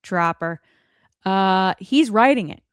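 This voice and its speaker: A woman's voice: mid-range voice, lively intonation, takes it slowly, clean tone, no echo, studio quality. A woman hosting a casual podcast chat, leading the talk with chatty asides. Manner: chatty, leads the discussion with asides. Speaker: podcast host.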